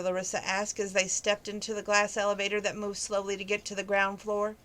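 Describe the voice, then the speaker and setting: A woman's voice: mid-range voice, little pitch movement, a little fast, hardly any pauses, a bit bright. A woman reading a novel aloud in a conversational way, with small stumbles now and then. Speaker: reader.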